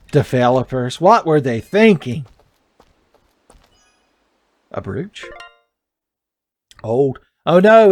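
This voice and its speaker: A man giving joking, casual commentary while playing a video game, jumping up in pitch when excited. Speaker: let's play host.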